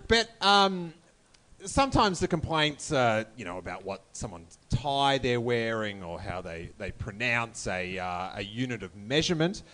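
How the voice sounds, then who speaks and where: A man's voice: medium pitch, very animated, measured pace, bright, forceful tone. A man hosting a casual podcast, wry and joking, with many fillers as he asks questions. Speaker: podcast host.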